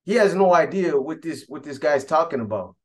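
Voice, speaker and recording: A man telling a story in a loose, rambling street-talk way, padding his sentences and circling back to repeat himself. His voice sits a touch higher than most men's. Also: expressive, brisk. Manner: loose and repetitive, street slang, frequent "you know". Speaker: storyteller recounting prison events. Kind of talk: casual spoken storytelling.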